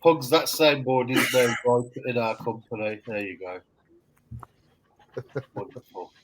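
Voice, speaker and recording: A man's voice: mid-range voice, animated, unhurried. A man co-hosting a live show, joking playfully in casual banter. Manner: playful, jokey. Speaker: podcast co-host.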